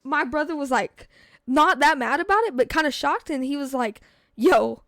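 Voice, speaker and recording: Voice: high-pitched, normal speed, fairly bright tone, no echo, studio quality. A teenage gaming vlogger telling a storytime tale over gameplay, chatty and full of fillers, acting out what people said. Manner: chatty, filler-heavy, acts out quoted lines.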